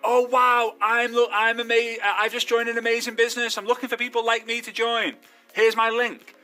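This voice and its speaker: Brief: a breathless, squealing new recruit played by a man, bright and shrill, all gush. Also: level tone, a little fast, soft background music. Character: gushing overexcited new MLM recruit, adult.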